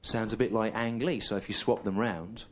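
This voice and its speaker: A middle-aged English man doing a deadpan stand-up routine, telling a slow, repetitive story on a theatre stage. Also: lowish voice. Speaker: stand-up comedian. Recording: clear audience noise behind. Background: audience laughter.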